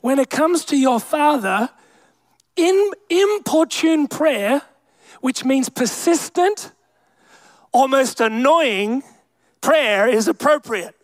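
A man's voice: very high-pitched, expressive, takes it slowly, long pauses, dry recording. A young man preaching a sermon with emphatic delivery, calling out to the congregation. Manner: emphatic preaching with crowd call-outs. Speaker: pastor.

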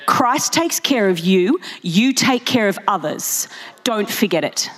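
A woman's voice: medium pitch, lively intonation, close to an everyday voice. Stern old grandmother, as a woman preacher puts her on. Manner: firm, slow, lecturing. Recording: echoey large hall.

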